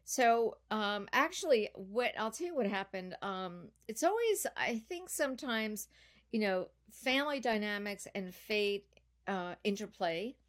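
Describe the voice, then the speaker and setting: A middle-aged woman, guest on a podcast interview, telling a long personal story in an animated, chatty way. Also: mid-range voice, measured pace. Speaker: podcast guest, business founder.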